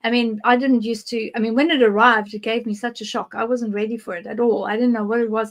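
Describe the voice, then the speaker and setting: South african lady telling her story in an interview, candid, rambly, bit higher voice. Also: fairly even intonation, brisk, few pauses. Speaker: guest psychic. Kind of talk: interview, personal testimony.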